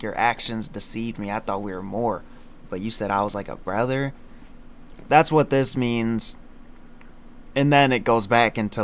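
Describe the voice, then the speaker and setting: A man's voice: on the low side, slight background noise. A young man in casual livestream chat, rambling with many fillers and slang as he breaks down his own song lines. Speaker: streamer explaining his song.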